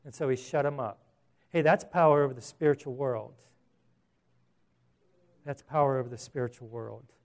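A male pastor preaching a sermon in an animated, conversational way, with rhetorical questions. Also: medium pitch.

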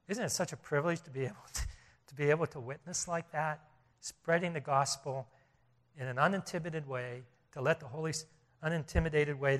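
Earnest male pastor preaching. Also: fairly high pitch. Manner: earnest, repeats and restarts phrases, rises when stressing points. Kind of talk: sermon.

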